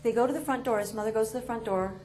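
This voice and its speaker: A woman tells a story to an audience in an animated, expressive, self-mocking way. Her voice sits a little high, and faint ambient noise sits behind her. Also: very fast. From New York. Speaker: motivational speaker.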